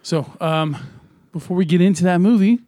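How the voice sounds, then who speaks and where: A man's voice: high-pitched, normal speed, warm tone, dry recording. A man co-hosting a podcast in casual chat, playful and jokey with sing-song asides. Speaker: podcast co-host.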